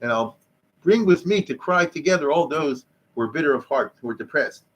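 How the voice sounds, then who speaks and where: A man's voice: fairly high pitch, animated, brisk, dull audio. Man, rabbi, informal history lecture in a synagogue hall, conversational, Hebrew and Yiddish terms.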